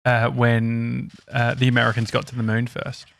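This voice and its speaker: A man's voice: mid-range voice, monotone, normal speed, gravelly, a bit bright. An Australian man hosting a podcast, telling rambling stories in casual chat with plenty of hesitations. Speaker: podcast host.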